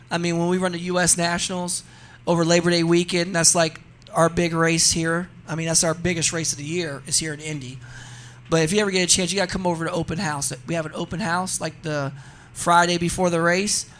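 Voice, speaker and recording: Radio guest, a man with a high voice, chatty and animated, laughing easily. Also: a little fast. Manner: animated storyteller, laughs often, says "you know what I mean". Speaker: racing guest. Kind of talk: casual radio interview chat.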